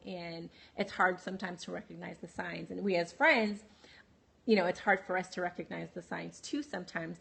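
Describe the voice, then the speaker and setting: Woman, livestream host, phone mic, candid personal storytelling, fillers and restarts, laughs often, greets viewers by name, middle pitch. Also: gravelly, fairly bright tone. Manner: answers viewer comments by name. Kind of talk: personal storytelling on a live broadcast.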